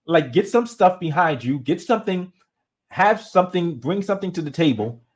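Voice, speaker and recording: A man talking through a topic as a casual commentator, his voice sitting a little higher than most men's. He speaks in a loose, conversational way, doubling back and restarting his phrases as he thinks aloud. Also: normal speed. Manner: conversational, animated retelling with frequent restarts. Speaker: channel host.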